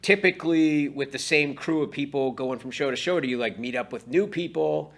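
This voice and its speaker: A man's voice: on the high side, a little fast, vocal fry, fairly bright tone. A man co-hosting a podcast, casually asking curious, probing questions. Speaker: podcast co-host. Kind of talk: casual interviewing.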